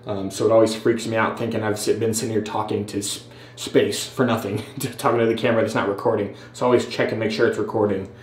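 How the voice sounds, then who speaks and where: A man's voice: fairly low pitch, level tone, fast, slight background noise. A man hosting a casual vlog, rambling and self-deprecating while he trims his beard. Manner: rambling, self-deprecating, lots of fillers and restarts. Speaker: host. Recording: roomy echo.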